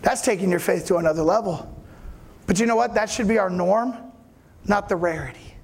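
A man's voice: sits high, a little fast. A man preaching a sermon in a conversational way, often asking if listeners follow, acting out the voices of people in the story. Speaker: pastor.

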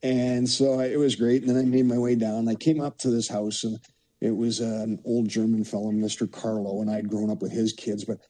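A man's voice: lowish voice, flat delivery, fairly quick, mellow, poor audio. A man in his sixties from Canada, a podcast guest telling rambling anecdotes laced with "you know". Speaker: podcast guest, former hockey player. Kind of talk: casual storytelling.

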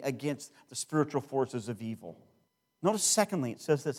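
A man's voice: mid-range voice, lively intonation, quick pace. A man preaching a sermon, building to emphatic bursts and often adding "if you will" asides. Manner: preaching with rising emphatic bursts and repeated phrases. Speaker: pastor.

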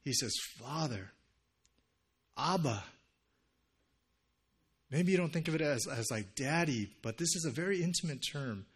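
A man preaching a sermon in an earnest, conversational way, dropping into hushed, intimate passages. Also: a little high, expressive, unhurried, long pauses, breathy edge. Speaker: pastor.

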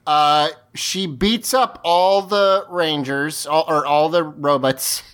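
A man's voice: on the high side, slow, fairly bright tone, clear, resonant tone. A man co-hosting a podcast, recapping a TV episode in casual chat, rambling with fillers and frequent laughs. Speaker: podcast co-host.

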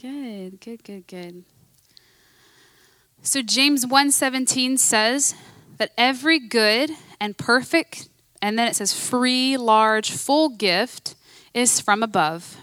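A woman's voice: mid-range voice, fairly bright tone, clear, resonant tone, no room sound. A woman preaching a sermon in a conversational, emphatic way, repeating her key phrases.

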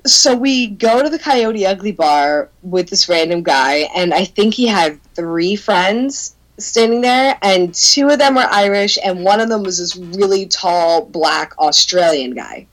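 A young adult woman telling a story in casual chat, animated, laughing often, swearing and peppering her talk with "like.". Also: medium pitch, a little slow, hardly any pauses, low-quality recording.

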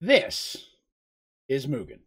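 An animated storyteller reading aloud. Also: mid-range voice, takes it slowly, breathy edge. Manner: expressive reading, asides to listeners.

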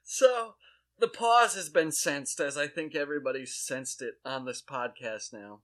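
A man's voice: a little high, measured pace, pushed and bright. A man hosting a podcast, telling a funny story in casual chat. He laughs often and acts out the other people's voices as he goes. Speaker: podcast host.

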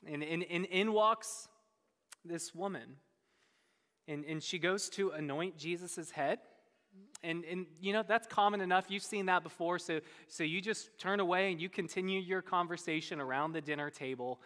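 A pastor preaching a sermon with animated storytelling, often repeating words as he starts sentences. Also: moderate pace, long reverb tail. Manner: animated storytelling, voices quoted speakers with big pitch jumps.

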